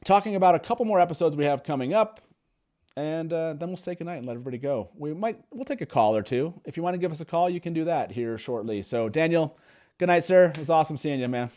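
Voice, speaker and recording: A man's voice: fairly high pitch, animated, fast talker, a little mellow. A young man hosting a live stream, chatting casually with lots of fillers and frequent laughter. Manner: upbeat, laughs often, many fillers. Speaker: podcast host.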